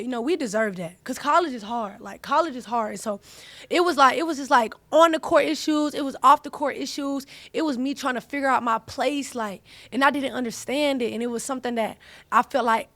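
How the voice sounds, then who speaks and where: Animated young woman chatting. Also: sits high, dry recording. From US South (Atlanta). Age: young adult. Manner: animated, slangy, repeats herself. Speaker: host, college athlete. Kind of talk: casual chat.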